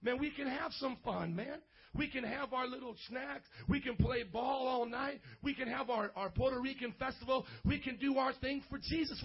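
A man preaching an energetic, slang-filled sermon at a church service, often breaking into shouts. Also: very high-pitched, normal speed, slightly rough, lo-fi sound. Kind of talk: lively youth sermon.

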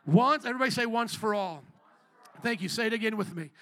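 A man's voice: sits high, quick pace, bright, forceful tone. A man preaching a sermon to a congregation, leading call-and-response and asking the room questions. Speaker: pastor. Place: church hall with congregation.

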